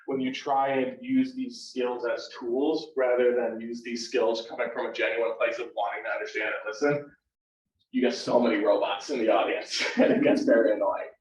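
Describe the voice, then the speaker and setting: A man's voice: mid-range voice, flat delivery, moderate pace. Man lecturing from a distance in a roomy hall. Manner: conversational, often ends points with "right?". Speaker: university counselor leading a workshop. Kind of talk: live workshop lecture. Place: classroom or workshop room. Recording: roomy, distant and dull live room recording.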